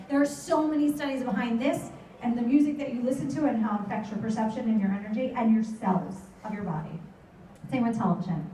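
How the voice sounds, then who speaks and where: A middle-aged woman with a high voice gives a motivational talk to a live audience, heard from far off the mic in an echoey hall with a little hiss or hum. She tells animated stories and acts out her children's voices.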